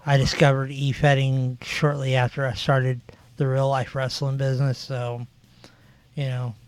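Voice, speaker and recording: 40s guy hosting a podcast, slow rambly talker, smooth clean voice. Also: medium pitch, completely flat delivery, a little mellow, no room sound. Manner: rambling, filler-heavy storytelling. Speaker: podcast host. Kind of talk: casual chat.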